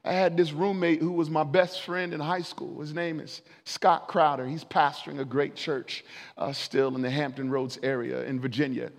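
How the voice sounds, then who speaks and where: A man preaching a sermon in a large sanctuary, fervent and building to forceful declarations. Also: fairly high pitch, little pitch movement, moderate pace, creaky. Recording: long reverb of a large hall.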